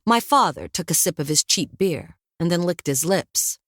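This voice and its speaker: A woman reads a first-person story aloud in a low, animated voice. Her telling is wry and lively. The studio sound is dry and close. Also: moderate pace, no echo. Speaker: audiobook narrator. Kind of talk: first-person audiobook narration.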